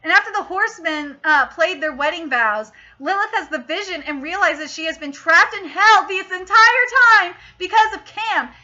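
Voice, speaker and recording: A woman vlogger recapping a novel in a casual, gushing and excitable way, with filler words. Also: very high voice, moderate pace, hardly any pauses. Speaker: book vlogger. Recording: dull lo-fi audio.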